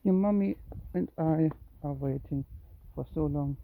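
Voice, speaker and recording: A cat owner filming a kitten walk on a handheld phone outdoors at dusk, coaxing the kitten with calls and high meows. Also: unhurried, creaky. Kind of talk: casual narration while walking. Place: outdoors in woods and grass at dusk. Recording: tinny phone-like sound.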